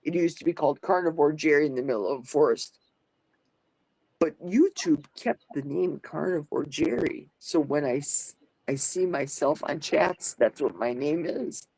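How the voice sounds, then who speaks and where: A woman's voice: low-pitched, normal speed, warm tone, no echo, rough recording. Older lady chatting on her livestream, rambly and friendly, dry close sound. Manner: chatty, thinks aloud, reads out comments. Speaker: livestream host. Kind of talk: casual live chat.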